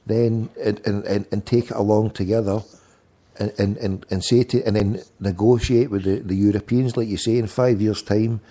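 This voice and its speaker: Male host, low warm-dark voice, rambling casual political chat. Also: steady tone, normal speed. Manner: rambling, repeats words while thinking. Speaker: radio show host.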